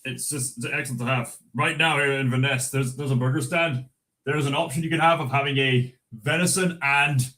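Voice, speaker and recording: A man's voice: medium pitch, fairly quick, fairly bright tone, a little hiss or hum. Rambling man on a livestream. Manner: rambling, hesitant, lots of fillers and restarts. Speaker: livestream host. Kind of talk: casual livestream chat reading comments.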